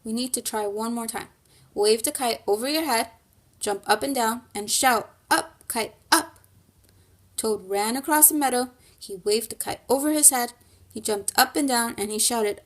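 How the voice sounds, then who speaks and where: Woman teacher, slightly high voice with some gravel, reads a story to kids and talks it through patiently. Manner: gentle, guiding, thinks aloud with pauses. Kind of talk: classroom read-aloud and lesson.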